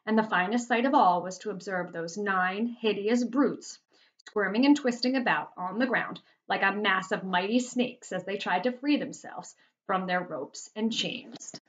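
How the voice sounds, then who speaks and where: A woman's voice: medium pitch, a little slow, a bit bright, highs cut off. A woman teacher reading a children's novel aloud to her class, adding chatty asides and explaining words.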